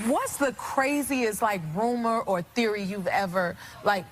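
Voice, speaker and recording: A woman hosting a daytime talk show, bubbly and animated as she leads her guests. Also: medium pitch, a little slow, crowd noise, noisy background. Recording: TV studio with live audience.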